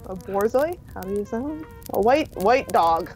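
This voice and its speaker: A woman narrating a tabletop game as game master, slow and hesitant with many fillers. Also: mid-range voice, expressive, faint music behind.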